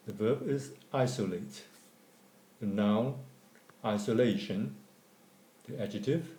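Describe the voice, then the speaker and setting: Slow, mellow male teacher in echoey room. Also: medium pitch. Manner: measured, deliberate reading of word lists. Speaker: English teacher. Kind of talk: slow scripted lesson narration.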